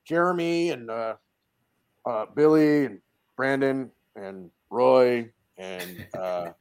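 A man guest on a casual podcast, telling a lively story, acting out the quoted dialogue and laughing along. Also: medium pitch, slow, clean tone. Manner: animated storyteller who acts out quoted dialogue; laughs often mid-story. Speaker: podcast guest, dent repair technician. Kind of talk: casual chat.

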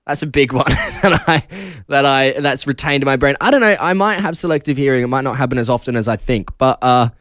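A young Australian man hosts casual breakfast radio, chatting, laughing often and telling stories with animation. His mid-range voice moves fairly quickly, recorded dry on a studio broadcast mic with studio quality.

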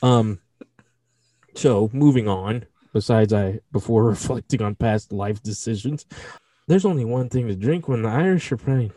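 A young man co-hosting a podcast, animated and jokey, swearing freely in casual chat. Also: lowish voice, measured pace, dry recording, clean studio sound. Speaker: podcast co-host.

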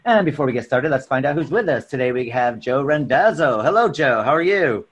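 A man hosting a podcast in easy conversation, his voice swinging up and down with lively energy. He chats freely and laughs often as he brings in his guests. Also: medium pitch, fairly quick, slightly rough, lo-fi sound. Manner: lively, laughs easily, chatty. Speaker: podcast co-host. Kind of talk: casual chat.

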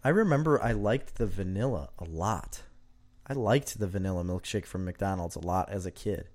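A man chatting casually on a podcast, his voice sitting a little low. He rambles into long anecdotes and laughs often as he tells them. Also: moderate pace. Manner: rambling, animated storyteller who laughs often. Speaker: podcast co-host. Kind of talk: casual chat.

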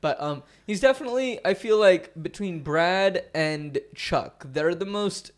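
Man, podcast host, casual movie chat, lively pitch, giggly, trips over words. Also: measured pace. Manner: animated, laughs often, stumbles over words. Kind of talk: casual film-discussion chat.

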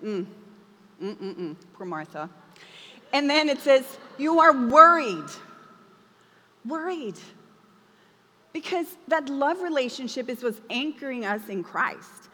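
A woman giving a conversational, emphatic sermon, acting out the quoted lines as she preaches. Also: high-pitched. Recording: long reverb of a large hall.

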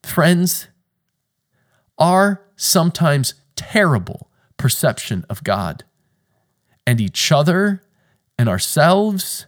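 A man in his thirties hosting a faith podcast, speaking in an earnest, emotional monologue that drops into hushed asides. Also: a little high, big pitch swings, slow, pauses often. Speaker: podcast host.

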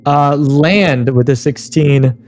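A man narrating a tabletop game as game master, in loose, halting speech with plenty of fillers. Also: a little high, a little mellow, no room sound.

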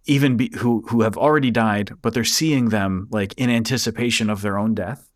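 A man's voice: fairly low pitch, fairly even intonation. A man, a priest hosting the conversation, speaking thoughtfully with many restarts. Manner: thoughtful, halting, with repeated restarts. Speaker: host, a priest. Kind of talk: interview conversation.

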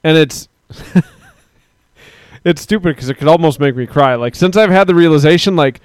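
A man's voice: fairly high pitch, moderate pace, pauses often, clear, resonant tone, no room sound. A man in his thirties co-hosting a casual chat show, candid and self-reflective, laughing often as he reads comments. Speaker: podcast co-host.

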